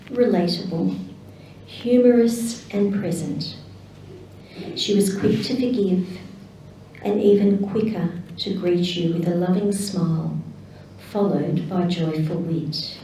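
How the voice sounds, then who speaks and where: Slow Australian woman in echoey hall. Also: mid-range voice, warm tone, far from the mic, a little hiss or hum. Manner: slow, measured reading. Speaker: memorial celebrant. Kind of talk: reading tributes at a memorial service. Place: memorial service venue.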